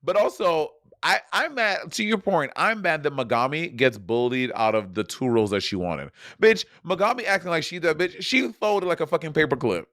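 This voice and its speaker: Lively, teasing man on a podcast. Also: a little high, dry recording, clean studio sound. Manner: playful, teasing, quick reactions. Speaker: podcast co-host. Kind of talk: casual recap chat.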